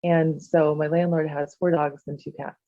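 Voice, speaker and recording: A woman, a podcast guest who heals and talks with animals, speaking softly and haltingly with lots of fillers. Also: sits low, level tone, no echo, muffled recording. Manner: soft, halting, many fillers and "like". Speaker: guest, shamanic healer and animal communicator. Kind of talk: casual chat.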